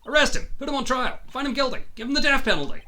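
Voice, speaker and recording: Reading video game lines, a man performs a full character voice of a loud, brash female photographer from the American South. He uses a put-on Southern accent and folksy drawl, speaking high, sing-song and fast, sounding excited.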